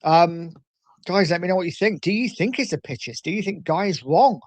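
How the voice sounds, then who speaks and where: A man's voice: high voice, lively intonation, normal speed, dry recording. A man hosting a casual football livestream, chatting with viewers, reading out their comments and calling them mate. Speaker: livestream host reading chat. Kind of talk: casual chat.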